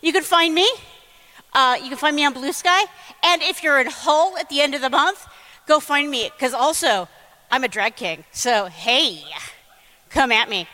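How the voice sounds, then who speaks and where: A woman giving a fast, comic lightning talk on stage, blunt and irreverent. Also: high-pitched, sharp tone. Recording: reverberant hall over a PA.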